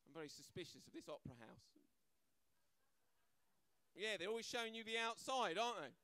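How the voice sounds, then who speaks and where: Man, stand-up comedian, brash, fast, smooth clear voice. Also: high-pitched, expressive, sharp tone. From Britain. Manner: brash, conversational, acts out voices, keeps asking "right?". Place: comedy club stage, live audience.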